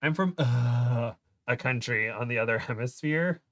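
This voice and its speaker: A man's voice: medium pitch, unhurried, a bit bright, dry recording. A man with an American accent, chatting casually as a guest on a livestream, laughing often and trailing off mid-sentence. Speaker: guest co-host.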